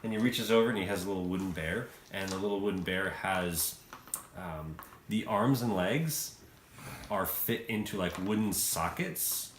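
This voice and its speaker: Male game master, casual and animated narration; roomy echo, faint noise. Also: low voice, moderate pace. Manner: animated, laughing through narration. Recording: echoey room, faint noise.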